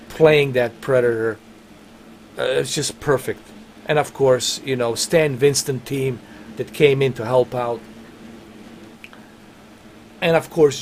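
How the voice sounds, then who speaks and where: Guy streaming a game, middle pitch, rambly and sweary, keeps cracking himself up, gets loud and emphatic. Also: a little hiss or hum. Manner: rambling, profane, laughs often; excited and emphatic. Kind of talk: casual livestream chat.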